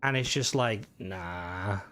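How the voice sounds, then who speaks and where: A man's voice: lowish voice, slow, fairly bright tone, clean tone. A young Irish man chatting casually on a game stream, rambling, swearing freely and answering chat.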